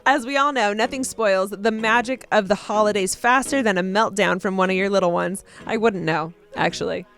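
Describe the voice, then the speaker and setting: A woman's voice: medium pitch, normal speed, hardly any pauses, fairly bright tone. A young adult woman co-hosting a podcast, bubbly and laughing, hamming up ad reads. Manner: bubbly, laughs a lot, hammy ad read. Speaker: podcast co-host. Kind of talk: casual chat reading ads.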